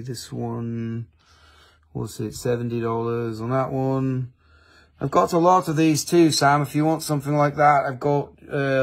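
A man hosting a casual livestream sale, reading off prices briskly and swearing now and then. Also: medium pitch, a little mellow. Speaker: livestream seller. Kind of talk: casual live sales stream.

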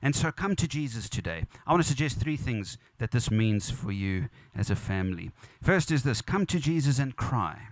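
A man's voice: medium pitch, very animated, normal speed, hardly any pauses, no echo. A man preaching at a funeral as pastor, earnest and repetitive, building emphasis. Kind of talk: funeral sermon. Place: church or funeral venue.

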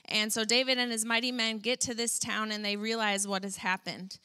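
A woman delivers a sermon in a relaxed, talky way, her voice bright and ringing. She sits a little high in pitch and keeps the message lively. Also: moderate pace, clear, resonant tone. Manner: conversational, animated preaching with fillers. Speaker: preacher. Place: church.

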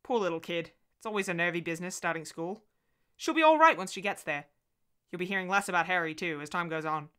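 A woman's voice: lowish voice, expressive, quick pace, fairly bright tone, clean tone. A woman reading as a firm, protective husband. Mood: teasing. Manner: firm, emphatic. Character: adult man, protective husband, teasing but stern.

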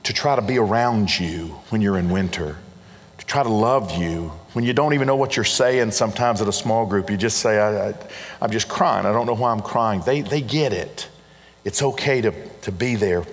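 A man preaching a sermon as a pastor, earnest and pastoral, often repeating phrases for emphasis. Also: mid-range voice. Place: church auditorium. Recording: long reverb of a large hall.

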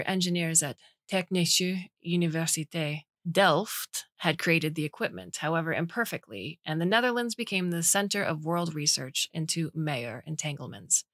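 A woman narrating a science fiction short story in an even, clear storytelling manner. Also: low voice, moderate pace, no room sound, clean studio sound.

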